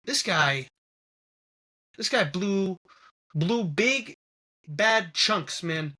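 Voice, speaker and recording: A man's voice: sits high, lively intonation, extremely slow, pauses often, pushed and bright. A man with a New York accent hosting a casual sports podcast, ranting with heavy profanity. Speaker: podcast host.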